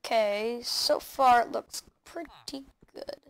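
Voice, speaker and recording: A woman hosting a video game let's play, excitable, chattering to the game animals and laughing often. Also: on the high side, slow, smooth. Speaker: gaming channel host.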